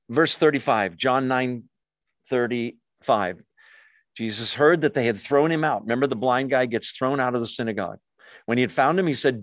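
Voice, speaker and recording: A man's voice: mid-range voice, a bit bright, dry recording. A man preaching a sermon as a pastor, teaching in a conversational way and often asking the audience questions.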